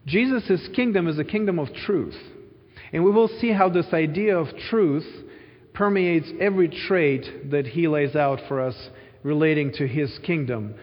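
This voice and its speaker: A man preaching a sermon, explaining Scripture earnestly and repeating key phrases for emphasis. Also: a little high. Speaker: pastor. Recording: muffled sound with long hall reverb.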